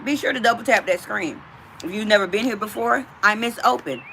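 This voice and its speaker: A woman's voice: medium pitch, brisk, pushed and bright, a little hiss or hum. A woman hosting a casual livestream from outdoors, chatting directly with her viewers. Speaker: livestream host.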